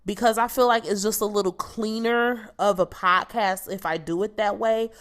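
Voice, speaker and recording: A woman's voice: medium pitch, steady tone, moderate pace. A young woman hosting a solo podcast, giving a casual, candid album review in a chatty, blunt way with some swearing. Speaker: podcast host.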